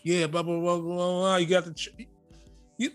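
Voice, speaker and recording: Animated man on a faith podcast. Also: high voice, normal speed, music in the background. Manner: animated, emphatic, repeats phrases for effect. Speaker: podcast co-host. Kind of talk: casual faith podcast chat.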